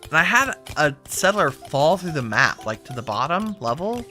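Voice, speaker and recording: A woman's voice: low voice, big pitch swings, moderate pace, pushed and bright, soft background music. A woman giving casual gameplay commentary, chatty and talking to her game characters as she plays. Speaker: game streamer.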